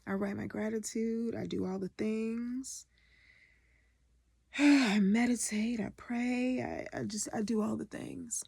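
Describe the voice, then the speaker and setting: Woman, educator vlogger; very husky, fry-laden voice; emotional, candid, swears, half-whispers; dry close sound. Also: a little high, little pitch movement, unhurried, few pauses, mellow, dry recording. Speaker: educator and artist. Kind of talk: raw confessional vlog.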